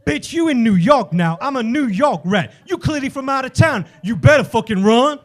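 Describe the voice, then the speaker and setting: A tiny, defiant city rat who trash-talks without backing down, as a man puts him on in a stand-up bit. His voice sits high and bounces around. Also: expressive, normal speed. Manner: streetwise trash talk. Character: defiant tough city rat, male, small but fearless.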